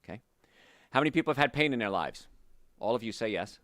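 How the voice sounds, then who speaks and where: A man's voice: medium pitch, quick pace, no room sound, studio quality. A man hosting a health show, giving an emphatic, motivational talk straight to his listeners. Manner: emphatic, animated, speaks directly to listeners.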